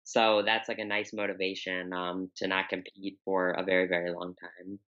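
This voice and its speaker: A woman's voice: extremely low pitch, flat delivery, moderate pace, a bit bright, highs cut off. A young woman in her twenties with a Chicago accent, chatting casually as a podcast guest and filling her talk with "like". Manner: chatty, many "like" fillers and repeats. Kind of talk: casual interview chat.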